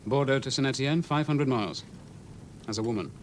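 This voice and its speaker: A man's voice: mid-range voice, fairly quick, slight background noise, close to an everyday voice. A man in a period TV drama, speaking in a blunt, matter-of-fact way.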